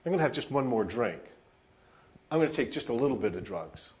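A male pastor from Southern California preaching a sermon, telling animated stories with self-deprecating humor to a congregation. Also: medium pitch, fairly quick.

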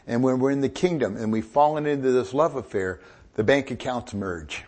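A middle-aged man preaches with a husky, slightly breathy voice. He swings from quiet asides into loud, emphatic bursts and keeps the room laughing along with him. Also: mid-range voice, moderate pace. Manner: animated, joking preacher with rising emphatic bursts. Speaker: pastor. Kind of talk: sermon.

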